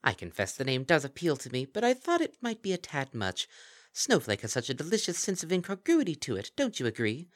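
A man's voice: a little high, huge pitch swings, a little fast, pitched above the performer's own voice. A man voicing a mischievous shapeshifting female kelpie fairy in a storybook reading, gushing and mock-polite. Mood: gleeful theatrical.

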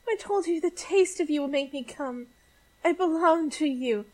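A woman playing a high, breathy, pleading elf. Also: normal speed, lightly acted, low-quality recording. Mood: urgent.

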